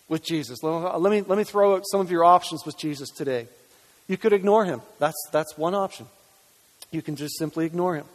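Emphatic high-voiced pastor in a reverberant hall. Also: male voice. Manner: earnest, emphatic, repeats words when stressing a point. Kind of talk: sermon with scripture reading.

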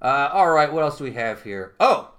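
A man's voice: a little high, normal speed. A man co-hosting a podcast, chatting casually and often laughing as he reads out news stories. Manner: animated, laughs often while reading news. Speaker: podcast co-host. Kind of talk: casual chat.

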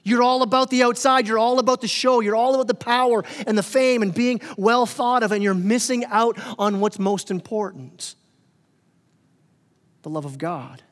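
A male pastor delivers a sermon in a conversational, joking way. His voice sits high for a man. The long reverb of a church hall rings around each phrase. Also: normal speed, fairly bright tone. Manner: conversational, playful, acts out quoted characters. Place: church sanctuary.

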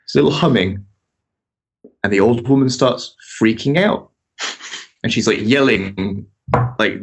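A man telling a story in casual chat, animated, swearing and laughing often. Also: fairly low pitch, unhurried, creaky, long pauses. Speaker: podcast regular telling a story.

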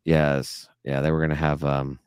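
A man's voice: extremely low pitch, level tone, moderate pace, smooth, no room sound, studio quality. A man from Memphis co-hosting a sports podcast in casual chat, rambling and restarting his sentences. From Memphis, Tennessee. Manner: rambling, repeats and restarts words. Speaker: podcast co-host.

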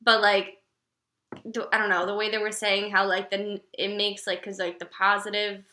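A woman co-hosting a podcast in casual chat, animated and swearing, acting out quotes. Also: mid-range voice, normal speed, reverberant. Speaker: podcast co-host.

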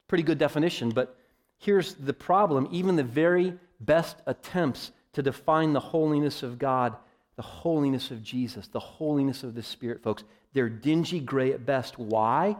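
A man preaching a sermon, emphatic, often calling his listeners "folks" and swinging from loud declarations to quiet, low asides. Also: normal speed. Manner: emphatic, varies loudness widely, addresses listeners as folks.

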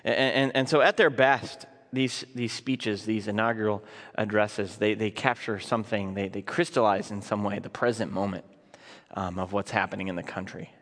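A man's voice: fairly low pitch, fairly even intonation, normal speed, fairly bright tone. A man delivering a sermon in a conversational, earnest way, often restarting his words. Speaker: pastor. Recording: long reverb of a large hall.

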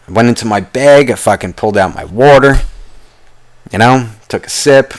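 A man's voice: mid-range voice, moderate pace. A young man hosting a podcast, telling a long story in a casual, rambling way and swearing constantly. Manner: rambling with restarts and asides. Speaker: podcast host.

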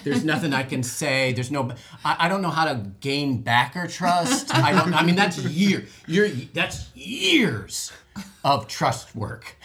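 A man's voice: a little high, big pitch swings, slow, a bit bright. A man telling a rambling, self-deprecating story in casual group chat.

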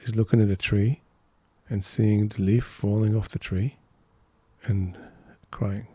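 An older man co-hosting a podcast with his son, talking in a slow, musing way and dropping softer on his key words. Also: on the low side, fairly even intonation, husky, dry recording. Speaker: co-host, father of the host. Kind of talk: reflective podcast conversation.

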